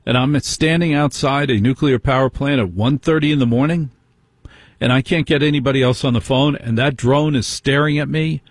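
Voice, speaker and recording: Husky, indignant middle-aged radio host. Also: male voice, medium pitch, no echo, studio quality. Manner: indignant, fires rhetorical questions. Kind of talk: call-in talk radio monologue.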